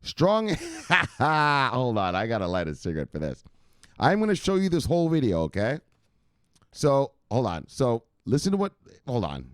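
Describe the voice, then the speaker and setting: A man hosting a casual crypto news livestream, joking and cursing as he gives animated shout-outs to viewers. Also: medium pitch, moderate pace, clear, resonant tone, dry recording, studio quality.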